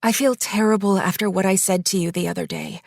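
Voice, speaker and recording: Narrator lady doing a slightly higher, polite neighbor woman, kinda hesitant, dry close sound. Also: steady tone, brisk, creaky, darkish tone, no room sound. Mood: apologetic. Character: overwhelmed apologetic neighbor woman. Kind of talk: audiobook character voice.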